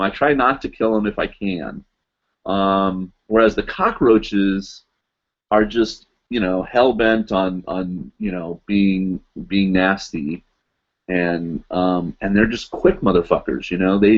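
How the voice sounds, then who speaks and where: A man in his thirties chatting casually on a live stream, answering viewers with many ums and restarts, from his apartment. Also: fairly low pitch. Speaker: vlog host answering live chat. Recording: dull lo-fi webcam audio.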